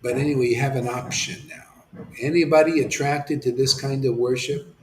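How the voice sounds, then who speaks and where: A man preaching an impassioned sermon as a spiritual teacher, swinging from shouts to hushed near-whispers and dropping casual slang. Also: medium pitch, fairly even intonation, moderate pace, a little hiss or hum. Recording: roomy echoey room.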